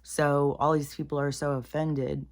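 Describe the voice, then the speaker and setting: A woman with a low voice rants in casual, exasperated talk. She swears freely, drops to muttered asides and then flares into loud outbursts. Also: little pitch movement, a little slow. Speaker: commentator. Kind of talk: casual rant to camera.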